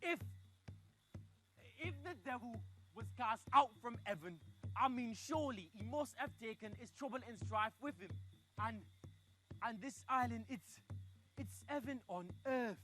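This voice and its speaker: A man performing a comic story, chatty and animated, swinging from hushed asides to loud outbursts. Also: extremely high pitch, a little slow, faint music behind.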